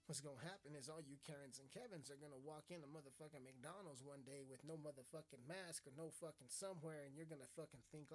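A man's voice: a little high, fairly even intonation, fast, hardly any pauses. A man hosting a stream and delivering a crude, swearing, mock-offensive comedic rant. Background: faint music.

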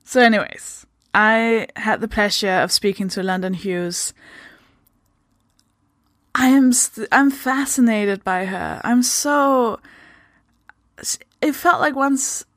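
A woman from Denmark with a Danish accent, hosting a podcast in a casual unscripted intro, tired and halting, stopping mid-sentence. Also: on the high side, fairly bright tone, no room sound, studio quality. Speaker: podcast host.

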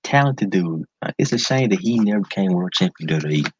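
Male podcast host, casual and slangy, excitable, husky low voice, lo-fi mic. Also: fast talker, no echo. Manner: enthusiastic, slangy, repeats words for emphasis. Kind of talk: casual solo podcast commentary. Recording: dull lo-fi sound, dry close mic.

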